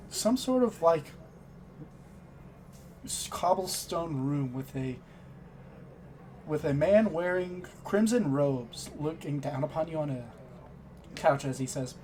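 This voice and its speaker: A man narrating a tabletop game as game master, halting and restarting as he describes the scene. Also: a little high, mellow, a little hiss or hum.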